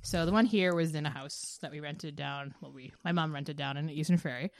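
A woman's voice: sits low, a little fast, no room sound. A woman in her thirties telling stories in casual chat as a podcast co-host, laughing often and acting out quotes. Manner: chatty storyteller, laughs often, acts out quotes.

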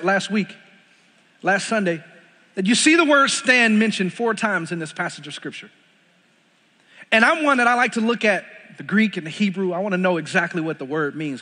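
A man's voice: high voice, pushed and bright. A young man with a Texan accent preaching a sermon as pastor, emphatic and repeating lines for stress. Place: church sanctuary. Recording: long reverb of a large hall.

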